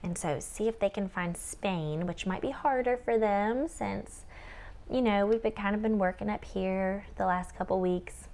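A woman's voice: medium pitch, unhurried, a little mellow. A young woman, a homeschool tutor, walking through her lesson plan and acting out the prompts she gives children in a sing-song teacher voice.

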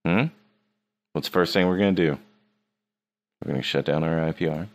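Deep gravelly man teaching casually. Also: normal speed. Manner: joking, teasing his students. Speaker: 3D art teacher. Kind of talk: casual screen-recorded tutorial.

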